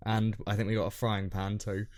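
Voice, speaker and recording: A man's voice: fairly low pitch, flat delivery, brisk, very noisy. A young man from Scotland, co-hosting a podcast, telling a long story in casual chat, full of ums and restarts. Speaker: podcast co-host.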